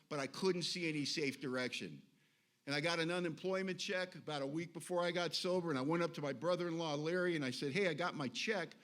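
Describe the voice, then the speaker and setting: A man's voice: a little high, fairly bright tone. Man telling a wry, confessional recovery story. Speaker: speaker sharing his recovery story. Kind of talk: recovery meeting talk.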